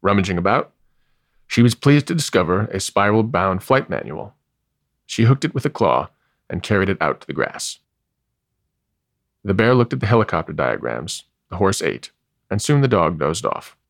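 A man reading a story aloud, measured and wry, with expressive delivery. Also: sits low, vocal fry, dry recording, studio quality. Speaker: narrator.

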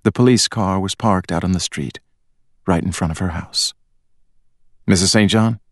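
Male audiobook narrator, low voice, dry close recording, even delivery. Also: no room sound. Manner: measured, even storytelling. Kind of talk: scripted narration.

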